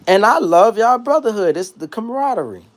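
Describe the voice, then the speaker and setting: A man hosting a livestream, reading chat comments and riffing in a casual comedic rant that swings between loud high bursts and low mutters. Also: lively intonation, normal speed.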